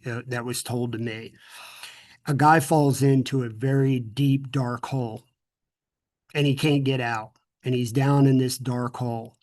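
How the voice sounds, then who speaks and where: A man's voice: medium pitch, darkish tone. A middle-aged man from the United States, answering interview questions earnestly, often repeating words and restarting sentences. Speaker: guest speaker.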